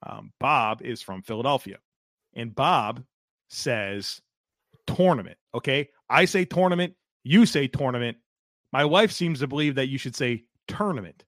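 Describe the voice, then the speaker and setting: A man's voice: mid-range voice, normal speed, fairly bright tone, no echo, studio quality. A man co-hosting a football podcast, reading listener takes aloud and teasing his co-host in casual chat.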